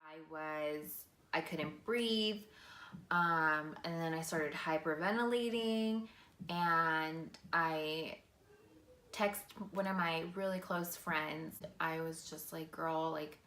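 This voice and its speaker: A woman's voice: sits low, takes it slowly, a bit bright, echoey room. A woman vlogger telling a personal story in a casual, earnest way, full of "like" and "you know". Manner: casual, filler-heavy, earnest.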